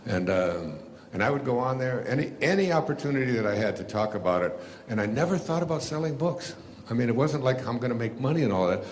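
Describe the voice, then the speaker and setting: A man's voice: mid-range voice, lively intonation, a little fast, a little hiss or hum. An older man telling a rambling personal story to a live audience, full of fillers and restarts, laughing at himself. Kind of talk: casual storytelling talk.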